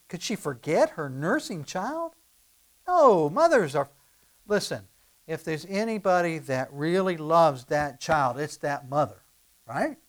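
A man preaching a sermon and reading scripture aloud, swinging from loud to soft and firing rhetorical questions at his listeners. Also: on the high side, big pitch swings, a little slow.

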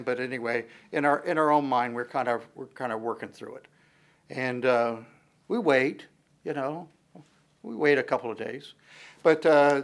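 A man giving a conversational sermon as a pastor, switching between explanation and playful dramatized asides, often restarting his sentences. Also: medium pitch. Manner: frequent fillers and restarts, animated swings in loudness.

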